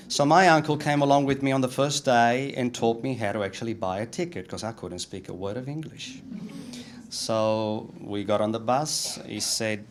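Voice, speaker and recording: A man, telling anecdotes as a guest speaker, with many fillers. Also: medium pitch. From Italy. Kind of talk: storytelling talk.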